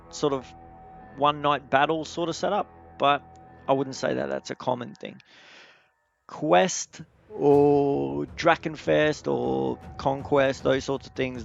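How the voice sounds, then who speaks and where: A man's voice: medium pitch, creaky, highs cut off. A man hosting a casual podcast, rambling and repeating words with loose swearing while he plays a video game. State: married. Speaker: podcast host.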